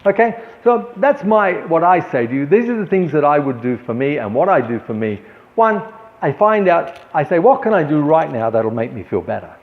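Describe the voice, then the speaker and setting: Older male host, earnest and deliberate, lively high voice, phone-like audio. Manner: earnest, slow and deliberate with long pauses. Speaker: art show host. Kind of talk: motivational talk to camera. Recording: tinny phone-like sound.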